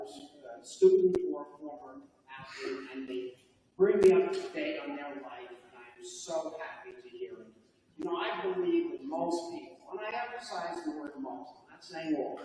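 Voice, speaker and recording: Older male coach type, folksy and heartfelt, high lively voice, far-off mic with long hall reverb. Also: slight background noise. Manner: heartfelt, folksy, animated delivery. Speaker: inductee giving acceptance speech. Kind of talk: ceremony speech. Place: banquet hall. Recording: distant mic in echoey hall.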